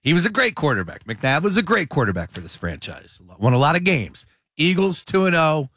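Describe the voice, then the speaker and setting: A man's voice: a little high, huge pitch swings, fairly quick, fairly bright tone, dry recording. Easygoing male radio co-host, dry studio. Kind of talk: sports talk radio chat. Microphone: studio mic.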